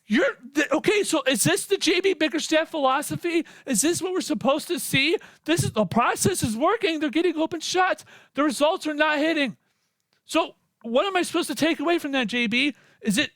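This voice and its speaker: A man ranting as a sports fan in a reaction video, heated and profane, repeating himself and building to shouts. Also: extremely high pitch, animated, normal speed, no room sound, clean studio sound.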